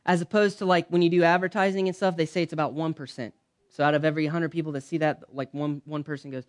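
A man preaching a conversational sermon in a church, punching some lines loudly and dropping others to a soft, low aside. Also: a little fast. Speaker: pastor.

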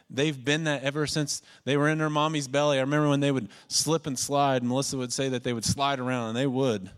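A man's voice: on the high side, clear, resonant tone. Male pastor, earnest emotional sermon delivery, repeats key phrases.

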